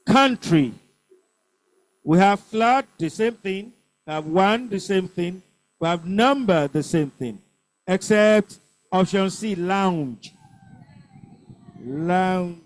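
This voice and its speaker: An older man with a Nigerian accent teaching an exam revision class, calling out words and slowly drilling pronunciation and stress. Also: sits high. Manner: drills answers by call and repeat, stresses syllables slowly.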